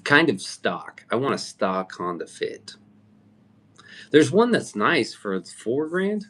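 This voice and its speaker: A man's voice: mid-range voice, big pitch swings, slow, fairly bright tone. A man chatting casually on his livestream, rambling and swearing as he answers viewer comments. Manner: rambling, profane, answers chat. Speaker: livestream host.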